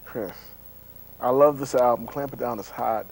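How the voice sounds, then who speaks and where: A man's voice: medium pitch, fairly even intonation, moderate pace, rough recording. A man interviewing a musician, speaking casually with enthusiastic, effusive praise.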